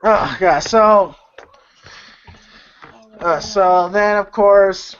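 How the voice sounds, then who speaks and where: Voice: mid-range voice, drawn-out words, slight background noise. Casual rambling reviewer with lots of fillers and laughs; dull, lo-fi home audio. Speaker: online movie reviewer. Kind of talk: casual movie recap. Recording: dull lo-fi recording.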